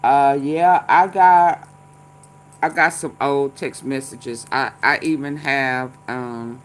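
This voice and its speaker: A woman hosting, talking casually with many fillers and pauses. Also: a bass voice, steady tone. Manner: halting, many fillers, laughs. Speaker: host reacting to a clip. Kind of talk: casual commentary.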